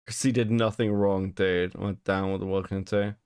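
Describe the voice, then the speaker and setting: In a clean studio recording with no room sound, a man with a deep, clear, resonant voice co-hosts a podcast at a moderate pace. Reacting to a video in casual chat, he's animated and incredulous and swears a lot.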